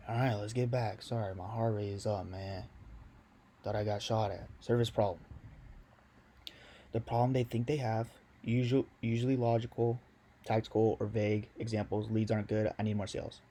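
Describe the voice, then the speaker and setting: A young man coaches sales in a loose, slangy video lesson, talking straight to his viewers. His voice sits fairly low and has a dark, mellow tone. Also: fairly even intonation, fairly quick, slight background noise.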